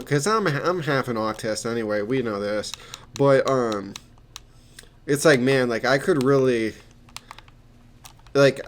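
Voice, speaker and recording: A young man casually telling rambling stories about his job as a peer mentor, with many restarts and fillers, swearing here and there. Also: mid-range voice. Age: young adult.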